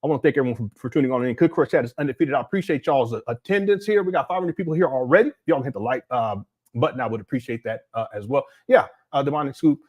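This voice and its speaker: On a livestream, a man talks to his chat from a desk mic at home, his husky mid-range voice racing along very fast. He rambles with restarts, animated and incredulous.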